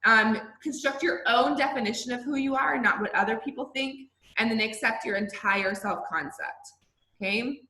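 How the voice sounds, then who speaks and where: A college instructor gives a recorded online lecture over a video call in a slightly high, sharp voice at a moderate pace. She keeps it conversational, often checking in with students using "right?" and "okay?", though the audio is poor and the room echoes.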